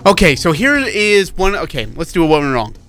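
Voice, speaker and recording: A man co-hosting a sports talk radio show, giving animated opinions in casual chat. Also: fairly high pitch, a little fast, no room sound, faint music behind.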